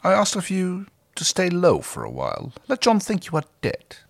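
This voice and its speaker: A man voicing a cold, scheming male alien warlord in a fan fiction reading, speaking in a slow, commanding way. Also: sits high, wildly swooping pitch, creaky, pitched above the performer's own voice, full character voice. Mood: calculating.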